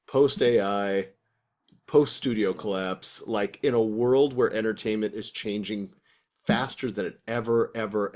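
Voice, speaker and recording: A man's voice: fairly low pitch, a little mellow. A man co-hosting a podcast over a video call, chatting casually and thinking aloud with restarts. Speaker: podcast co-host. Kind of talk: casual chat.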